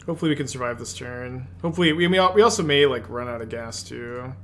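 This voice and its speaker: Brief: man at mid pitch, thinking out loud through an online card game, musing and self-correcting. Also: expressive, fast talker, a little hiss or hum. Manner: musing, self-correcting, half-muttered asides. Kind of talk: thinking aloud while playing.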